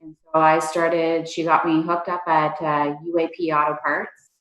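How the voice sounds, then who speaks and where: A woman's voice: deep voice, level tone, a little slow, fairly bright tone, dull audio. A woman in her forties, a district manager and trainer, talking casually in a rambling way with many fillers. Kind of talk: casual interview chat. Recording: echoey room.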